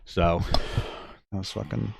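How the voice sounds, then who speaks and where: A man's voice: sits low, fairly even intonation, measured pace, creaky, husky, no echo, studio quality. A young man, a podcast co-host, chatting casually with his partner, swearing freely and telling stories with bursts of laughter. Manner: loose, profane, storytelling with bursts of laughter. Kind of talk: casual couple chat.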